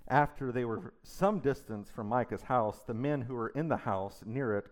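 A man's voice: mid-range voice, normal speed. Emphatic conversational man preaching. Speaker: pastor. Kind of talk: sermon.

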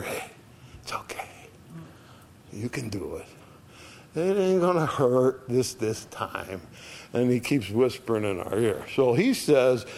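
Slow-talking man teaching Bible class. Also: medium pitch. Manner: conversational, folksy, checks in with "all right?".

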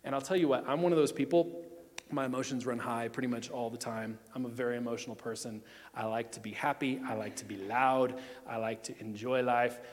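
A man in his thirties preaching a sermon, emphatic, swinging between loud declarations and hushed moments. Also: mid-range voice, fairly even intonation, fairly quick, big-room sound. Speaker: pastor.

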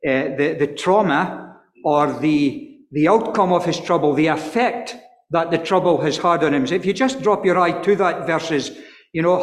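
Earnest man preacher, kinda high voice, lots of restarts, echoey church sound. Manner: earnest, repeats words and restarts often; reads scripture slowly in old-fashioned wording. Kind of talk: expository sermon. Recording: echoey hall with long reverb.

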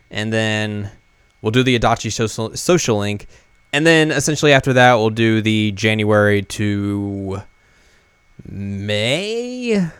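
A man's voice: fairly low pitch, smooth, dry recording. A man giving a casual, rambling anime review, full of fillers and self-corrections.

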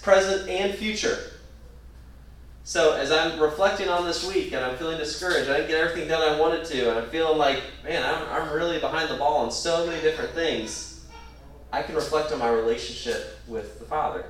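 A man's voice: medium pitch, a bit bright, slight background noise. A man preaching a sermon as a pastor, talking in an earnest, conversational way that builds to emphatic moments. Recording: echoey room, mic at a distance.

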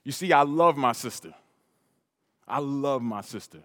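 A pastor from New York preaching a sermon, telling a personal story with repeated, emphatic phrases. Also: male voice, medium pitch, lively intonation, a little slow, bright, forceful tone. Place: church hall. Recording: reverberant hall.

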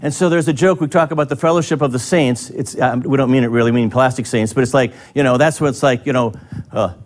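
A man's voice: medium pitch, fast talker. A man preaching a sermon as pastor, in a conversational way, acting out short bits of dialogue. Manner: conversational, acts out little dialogues.

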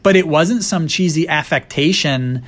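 A man's voice: fairly high pitch, normal speed. A man co-hosting a casual movie discussion, making wry, sarcastic asides. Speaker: podcast co-host.

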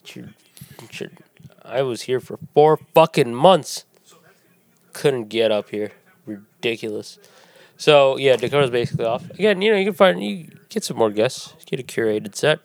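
A man co-hosting a podcast, blunt and teasing, with casual swearing as he gives advice. His voice sits at a middle pitch, recorded close and dry. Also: expressive, moderate pace, no echo. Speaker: podcast co-host.

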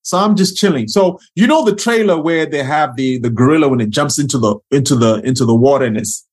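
A man, an actor guest, telling a casual story in an animated, slangy way and acting out quotes. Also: medium pitch, quick pace, breathy edge.

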